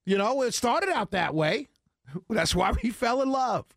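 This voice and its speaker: A man's voice: high-pitched, expressive, unhurried, dry recording. A man hosting a talk radio show, talking in an emphatic, rambling way straight to his listeners on a studio mic. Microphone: studio broadcast mic.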